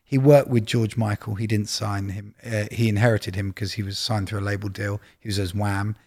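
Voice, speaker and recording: A man's voice: lowish voice, little pitch movement, moderate pace, vocal fry, darkish tone. A man who is a record label executive, talking casually in a sit-down conversation and telling anecdotes full of quoted dialogue.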